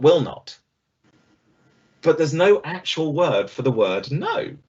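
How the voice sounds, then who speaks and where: A middle-aged man giving an online business presentation over a video call, conversational and lively, acting out the voices he quotes. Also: medium pitch, breathy edge, lo-fi sound.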